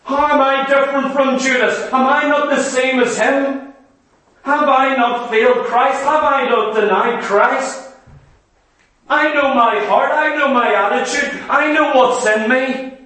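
A man's voice: very high voice, steady tone, measured pace, bright, forceful tone, recorded from a distance, full character voice. A man voicing the apostle Peter as an anguished, self-questioning grown man. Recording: echoey hall, voice away from the mic.

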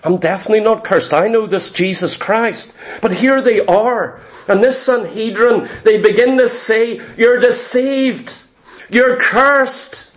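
A man preaching a sermon with forceful, emphatic delivery and repeated phrases. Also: high voice, moderate pace.

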